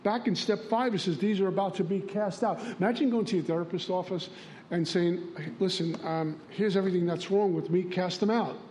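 A man's voice: high-pitched, fairly quick, a little mellow, a little hiss or hum. A man sharing in a recovery meeting, telling plainspoken stories and acting out dialogue. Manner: storytelling, plainspoken, acts out dialogue. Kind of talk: recovery share.

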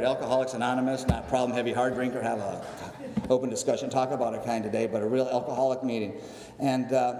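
A man telling his recovery story to a meeting, animated and acting out the voices of others, swinging between excitement and somber reflection. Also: lowish voice. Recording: echoey hall, long reverb.

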